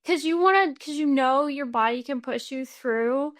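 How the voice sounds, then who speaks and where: A woman's voice: sits high, normal speed. A woman from Texas with an American accent, a runner telling stories as a guest in a casual podcast interview and laughing often. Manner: chatty, laughs often, animated storytelling.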